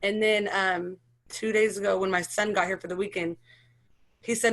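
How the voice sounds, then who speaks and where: Woman in her thirties, halting and emotional. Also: medium pitch, fairly even intonation, fairly bright tone. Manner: halting, run-on sentences with many restarts. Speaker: interviewee, mother sharing her story. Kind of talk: emotional personal account.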